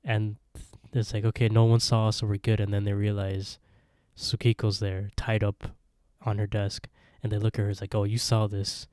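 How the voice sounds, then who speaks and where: A man co-hosting a casual podcast, recapping a horror episode with animated retellings. His voice is mellow and warm, recorded dry and close to the mic. He slips into quick voices for each character's lines. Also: fairly low pitch, no room sound. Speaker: podcast co-host.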